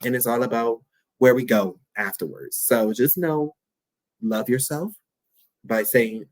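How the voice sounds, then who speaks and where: A man's voice: medium pitch, measured pace, no echo. A young man hosting his own podcast, talking candidly and playfully in a reflective, affirming solo talk. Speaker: podcast host.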